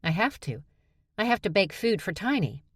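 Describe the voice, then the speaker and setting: A woman reading an audiobook, voicing a blunt, sharp-tongued young woman who sounds exasperated and matter-of-fact. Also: mid-range voice, very animated, moderate pace, slightly rough, dry recording, clean studio sound, pitched above the performer's own voice.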